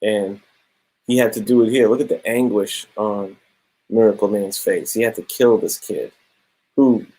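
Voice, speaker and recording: A man casually reviewing comics, telling the story in animated slang with quick asides. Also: lowish voice, poor audio.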